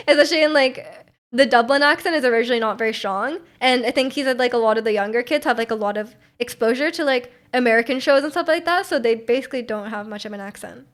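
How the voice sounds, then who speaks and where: A young woman talks loosely to her stream chat, wandering through her thoughts with plenty of "like" and small laughs. Her voice sits a little higher than most. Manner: rambling, heavy use of "like", frequent laughs. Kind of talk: casual chat with viewers.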